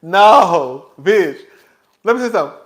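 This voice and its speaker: High-voiced man telling a dramatic story. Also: a little slow. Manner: animated and dramatic, laughing often, calling listeners girl. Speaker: vlogger. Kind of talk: casual storytelling to camera.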